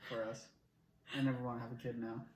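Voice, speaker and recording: A man's voice: medium pitch, flat delivery, fast. A man co-hosting a casual reaction chat with dry, squeamish asides. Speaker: co-host. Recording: echoey room, far from the mic, noise.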